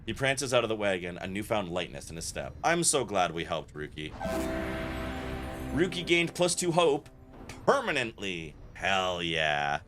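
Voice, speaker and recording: Low-voiced, playful male streamer. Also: very animated, measured pace, a bit bright. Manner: playful, chatty, reads game text aloud. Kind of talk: casual gameplay commentary. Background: faint game music.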